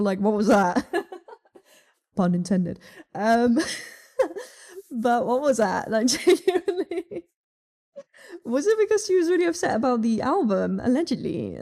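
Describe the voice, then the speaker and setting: A woman's voice: a little high, warm tone. A young woman with a Dutch accent chatting casually about music, with lots of ums and likes and frequent swearing. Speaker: music vlogger. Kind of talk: casual music review chat.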